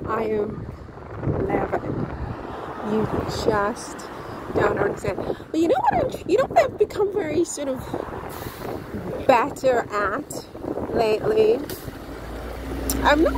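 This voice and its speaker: A woman chats to her camera in a rambling, animated way, full of restarts and little asides. Her voice sits a bit high and she drags her words out slowly. Street noise and wind hiss loudly behind her. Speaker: vlogger. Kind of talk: casual vlog talk to camera. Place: outdoors on town streets.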